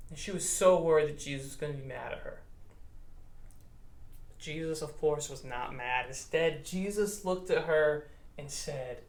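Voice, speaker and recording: A male pastor giving a children's Bible lesson, telling the story in a playful, animated way and acting out the characters. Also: a little high, measured pace. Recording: roomy echo.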